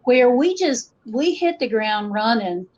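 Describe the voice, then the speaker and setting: Speaking a little slowly in a higher voice, this Appalachian-accented woman from western North Carolina is a folklorist being interviewed casually. She tells stories, acting out quotes in lively asides; the podcast audio is dull and lo-fi.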